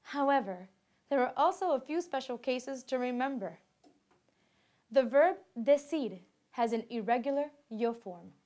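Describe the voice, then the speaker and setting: Slow, careful woman narrating a course. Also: sits high. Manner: slow, careful, even delivery with bilingual examples. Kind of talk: scripted textbook narration.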